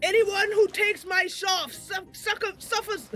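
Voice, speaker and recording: A woman's voice: very high-pitched, unhurried, fairly bright tone, soft background music, pitched above the performer's own voice. A woman voicing a raging male dwarf warrior who bellows threats.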